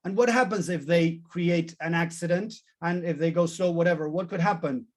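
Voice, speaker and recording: A man teaching a therapy training class, animated and emphatic, repeating key words in lists. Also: fairly high pitch, moderate pace. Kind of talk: live training lesson.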